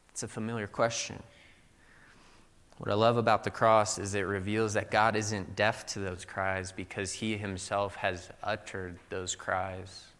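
A man's voice: lowish voice, fairly bright tone, in a large hall. A young adult man from Missouri giving a sermon in a loose, conversational storytelling way, full of "like" fillers. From Missouri, USA. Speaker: pastor.

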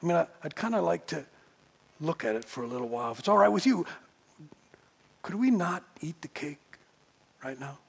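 A shy, lonely woman who speaks softly and stumbles over her words, as a man puts her on in a story. The voice has a creaky, gravelly texture. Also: very high-pitched, moderate pace, hardly any pauses, voice pushed up. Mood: timid. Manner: hesitant, stammering, quiet.

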